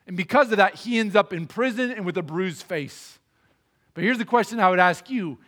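A man's voice: sits high, moderate pace, a bit bright. A man giving a sermon, walking through a Bible passage in an earnest, emphatic, conversational way. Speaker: preacher.

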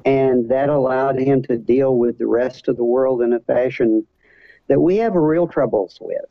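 Measured male guest on a dull line. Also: medium pitch, vocal fry. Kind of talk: conversational interview answers.

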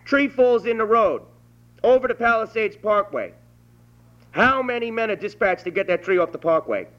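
A man with a New York accent making a prank phone call, loud, crude and bullying, swearing constantly. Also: sits high, animated, moderate pace. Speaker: prank caller.

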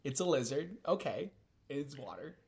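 A man's voice: fairly high pitch, expressive, normal speed, darkish tone. A man co-hosting a casual chat show, joking around and laughing often. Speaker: podcast co-host.

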